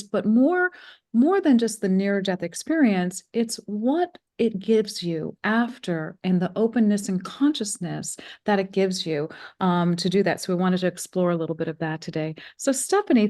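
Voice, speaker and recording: A middle-aged woman from the United States hosting a spiritual interview, speaking gently with fillers and restarts. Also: mid-range voice. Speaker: interview host.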